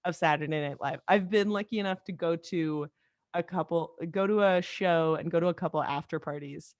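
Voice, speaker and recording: Brief: woman guest, comedy writer, casual animated chat with quick asides, dry close-miked podcast sound. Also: fairly low pitch, no room sound.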